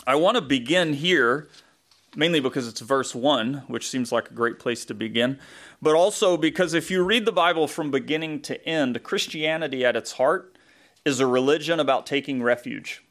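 A man's voice: medium pitch, normal speed, fairly bright tone. A man with a Southern US accent, a pastor preaching a conversational sermon, thinking aloud with asides and self-corrections.

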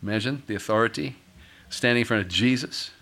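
A middle-aged male pastor preaching a sermon, acting out quoted voices and building to loud, forceful peaks. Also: mid-range voice, fairly quick, slight background noise. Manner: dramatic, acts out quoted voices, rises to shouting peaks.

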